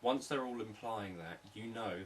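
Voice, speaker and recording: A man, a hypnotherapist, explaining sales techniques in a calm, repetitive, unscripted teaching talk. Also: on the low side, moderate pace, recorded from a distance, a little hiss or hum, rough recording.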